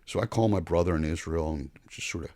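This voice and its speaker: An older man, a podcast guest, telling stories in a blunt, profane, animated way. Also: low voice, fast talker, no echo. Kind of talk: casual storytelling chat.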